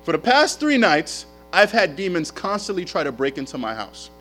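A man voicing a frantic young man in a sermon story, shrill with disbelief. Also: sing-song, normal speed, bright, forceful tone, soft background music, heavily acted. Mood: pleading. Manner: high-pitched, breathless disbelief. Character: frantic young man with demons at his door.

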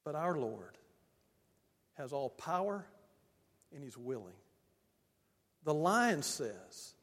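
An older man, a pastor, preaching a sermon in a folksy storytelling way and slowing down for emphasis. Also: a little high, big pitch swings. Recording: long reverb of a large hall.

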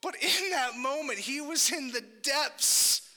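High bright-voiced preacher in an echoing hall. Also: male voice, lively intonation, takes it slowly. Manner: conversational, rambling, self-correcting, jokey asides. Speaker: pastor. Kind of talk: sermon. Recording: long hall reverb.

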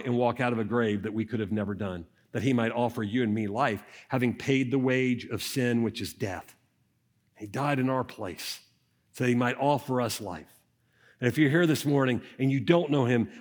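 A male pastor preaching a sermon in a conversational way, speaking directly to the congregation and often checking in with "right?". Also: medium pitch. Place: church service.

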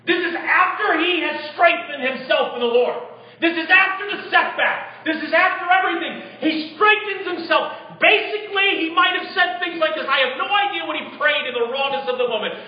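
A man's voice: very high voice, animated, normal speed. A male pastor preaching a sermon to his congregation, putting rhetorical questions to them. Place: church. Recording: echoey, dull lo-fi church recording.

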